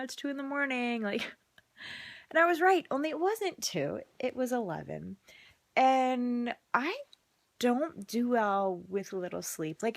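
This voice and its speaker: Worn out mom rambling into her phone, drops to whispers a lot, dry close sound, average pitch. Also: dry recording. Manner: tired, chatty, often drops to a whisper. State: exhausted. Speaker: mother vlogging. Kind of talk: casual storytelling vlog. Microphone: phone camera.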